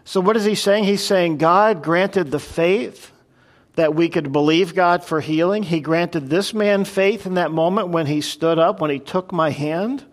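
A man's voice: sits high, measured pace. A man preaching an expository sermon in a conversational way, asking rhetorical questions and briefly acting out the people he quotes. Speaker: pastor.

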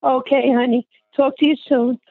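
An aunt, older and short of breath, chats lovingly during a casual phone interview and calls the listener honey. Her high voice is flat in delivery, breathy-edged and at normal speed, on a tinny, dry line with no room sound.

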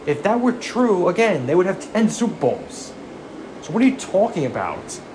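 A man's voice: high-pitched, very animated, normal speed, noisy background. A man giving a profane, exasperated sports rant as a fan commentator, firing off rhetorical questions.

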